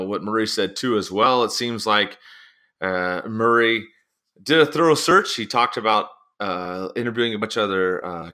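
A man hosting a sports podcast in casual chat, a chatty and animated storyteller. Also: fairly low pitch. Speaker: podcast host.

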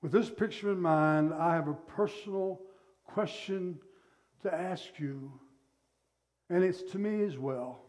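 A male pastor preaching a sermon, telling the story in an animated way and acting out the scenes. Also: high-pitched, measured pace.

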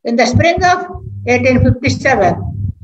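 Brief: fairly high-voiced nun reading history aloud, measured and careful; dull, echoey recording. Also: female voice, animated, a little hiss or hum. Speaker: religious sister giving a reflection.

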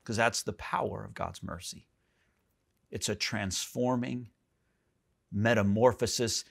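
A pastor preaching a sermon in a church, animated, jumping up high for emphasis and dropping soft. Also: male voice, unhurried, gravelly, long pauses.

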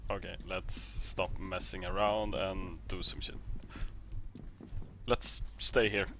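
A man's voice: sits low, flat delivery, takes it slowly, fairly bright tone, slight background noise. A man streaming a horror game, panicking, swearing and repeating himself as he calls out moves to his team. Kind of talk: live gameplay commentary.

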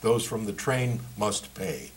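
A man's voice: fairly low pitch, expressive, takes it slowly. A man reading the lines of a big, blunt German dock worker who demands payment. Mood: blunt, demanding.

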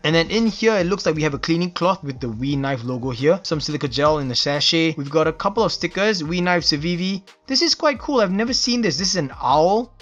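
Excitable Singaporean man unboxing a knife. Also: fairly high pitch. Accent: Singaporean English. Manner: enthusiastic, admiring exclamations over details. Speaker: knife reviewer. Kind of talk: casual unboxing commentary.

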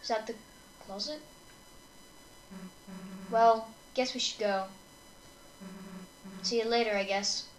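A woman's voice: on the high side, steady tone, slow pace, long pauses, slight background noise. A woman casually talking through a video game, hesitant and trailing off as she reads along. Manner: hesitant and mumbling, trailing off with "I guess". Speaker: gamer. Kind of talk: casual let's-play commentary. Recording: echoey room with game music.

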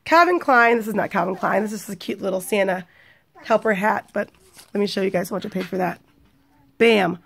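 A young woman chatting excitedly to her viewers about cheap finds in a casual shopping haul video. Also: mid-range voice, brisk, gravelly, pauses often, breathy edge. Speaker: vlogger.

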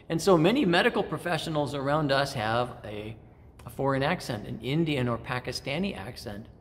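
A middle-aged man preaching a sermon as pastor, measured and reflective, pausing often and restarting phrases. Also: medium pitch. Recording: long church reverb.

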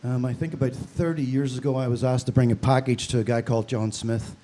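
A man from Belfast, Northern Ireland, with a Northern Irish accent delivers a eulogy full of dry, storytelling humor. His voice is medium-pitched with a steady, dark tone, and he speaks briskly.

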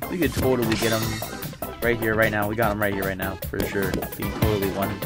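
A man's voice: fairly low pitch, little pitch movement, fast talker. A young man commenting live on a game he is playing, thinking aloud in a casual, rambling way with frequent restarts and self-mocking slang. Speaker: streamer. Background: game music.

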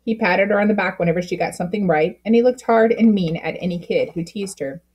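A woman reading a children's book aloud with expressive storytelling, slowing down at key moments. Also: medium pitch, breathy edge. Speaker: storybook reader.

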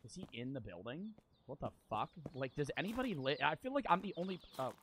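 A young man streaming a game with a bright, forceful voice that sits a little high. He swears and jokes with his chat as he plays, over faint background hiss. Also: very animated, quick pace. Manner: loud, swearing, talks to chat, laughs often. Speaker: gaming streamer. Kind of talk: casual let's-play commentary.

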